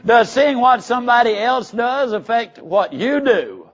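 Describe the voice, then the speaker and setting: A man with an extremely high, sing-song voice and fairly bright tone speaks a little slowly in a live motivational speech. He tells folksy stories with jokes and gives the audience instructions, all in a dull lo-fi recording.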